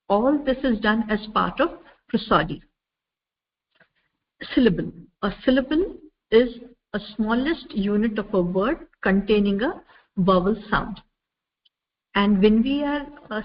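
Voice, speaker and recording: A woman from India giving a measured university lecture over slides, explaining step by step with frequent "uh" fillers. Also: fairly high pitch. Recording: dull lo-fi recording with faint noise.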